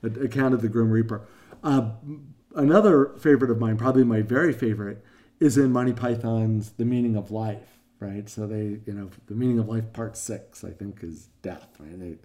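A man's voice: fairly low pitch, mellow. An older man teaching a class, telling stories in a casual, rambling way with many fillers and quoted voices.

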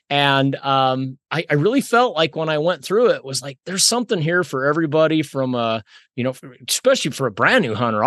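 A man hosting a podcast, chatty and energetic, often repeating words as he talks. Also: on the high side, no room sound, clean studio sound. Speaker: podcast host. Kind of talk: casual podcast conversation.

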